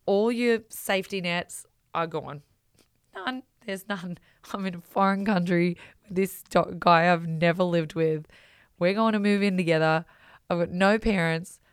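An Australian woman tells a personal story in a loose, chatty monologue. Her voice sits a little low and sounds smooth and clear. The sound is dry and close, and she talks in an animated way, packed with "like" and "you know". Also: no room sound.

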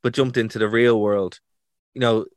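A man's voice: lowish voice, fairly even intonation, normal speed, clean tone, no room sound, clean studio sound. A man co-hosting a podcast, chatting casually with a joking, self-mocking manner. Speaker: podcast co-host. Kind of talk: casual chat.

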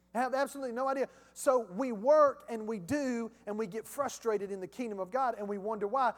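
High-voiced preacher in a reverberant hall. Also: male voice. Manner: impassioned, calls out to the congregation. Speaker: pastor. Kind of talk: sermon.

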